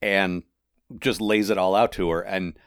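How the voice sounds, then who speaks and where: Deep-voiced man musing about a book. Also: steady tone, measured pace, no room sound, clean studio sound. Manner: thinks aloud, with fillers and restarts. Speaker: podcast co-host. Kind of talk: casual book discussion.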